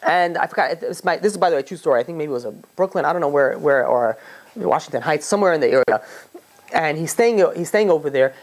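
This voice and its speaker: A man's voice: on the high side, lively intonation, fast. A man, a rabbi, giving a casual storytelling sermon. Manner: casual, many fillers and restarts.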